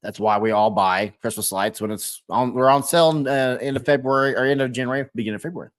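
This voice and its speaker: A man's voice: mid-range voice, quick pace. A man hosting a casual live stream, reading viewer comments aloud and answering them by name, rambling and rephrasing himself as he thinks aloud.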